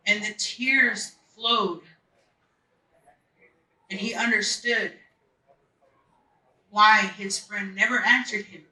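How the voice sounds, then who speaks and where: A man's voice: sits high, bright, forceful tone. A man telling an earnest personal story at a live event, repeating phrases for emphasis. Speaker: festival speaker. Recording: echoey, mic at a distance.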